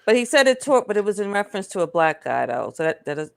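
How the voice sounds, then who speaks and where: A woman co-hosting a casual talk show, chatting in an animated, conversational way. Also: mid-range voice, quick pace, creaky. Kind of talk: casual live show chat.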